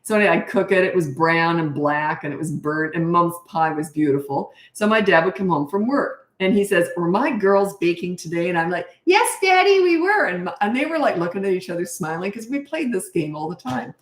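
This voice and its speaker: A woman's voice: on the low side, a little fast, hardly any pauses, reverberant. A woman in her fifties, a parenting coach who hosts live streams, talking casually and telling stories with a chatty, self-mocking way of talking. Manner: chatty, storytelling, self-mocking, restarts and trails off. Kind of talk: casual livestream talk.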